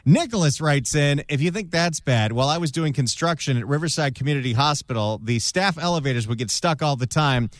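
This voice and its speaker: Male radio co-host, animated delivery, a bit high, reads listener mail with a wry edge. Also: a little fast, few pauses, no room sound, studio quality. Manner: lively, wry, reads emails aloud. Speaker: radio talk show co-host. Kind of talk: casual radio banter, reading listener emails.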